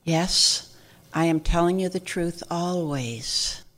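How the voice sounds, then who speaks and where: A calm, unhurried voice of God, which a woman performs in a church skit. She speaks in a low-set tone and takes every phrase slowly and deliberately, gentle and reassuring. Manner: slow, measured and reassuring.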